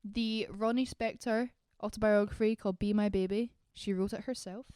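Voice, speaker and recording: Young Scottish woman, podcast co-host, bubbly and gushing, smooth clear voice, dry close sound. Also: medium pitch, steady tone, moderate pace, dark tone, no room sound. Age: young adult. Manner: bubbly, gushing, laughs easily. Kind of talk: casual chat.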